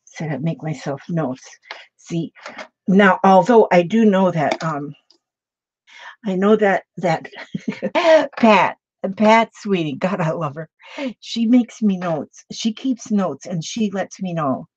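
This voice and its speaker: A woman's voice: on the low side, lively intonation, takes it slowly, a little mellow, breathy edge, dry recording. An older woman hosting a casual craft livestream, chatting in a rambling way and greeting viewers one by one. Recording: dull lo-fi dry sound.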